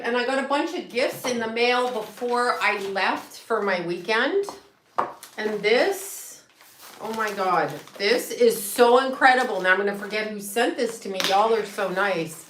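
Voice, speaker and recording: A woman hosting a casual livestream from home, chatty and excitable, swearing freely and laughing often. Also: mid-range voice. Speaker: psychic medium and astrologer livestream host. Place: home room with a set. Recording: echoey room with faint noise.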